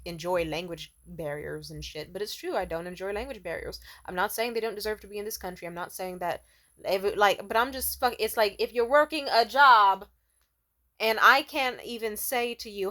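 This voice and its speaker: Woman ranting casually, swears a lot, mid pitch, does high squeaky voices for quotes. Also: a bit bright. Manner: profane, exasperated, acts out quotes in high voices. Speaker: storyteller. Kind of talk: casual storytime rant.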